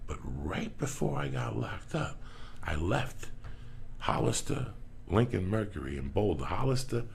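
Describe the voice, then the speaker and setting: A middle-aged man telling profane comic stories as a podcast guest, gravelly and prone to loud bursts. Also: lowish voice, sing-song, unhurried, slight background noise.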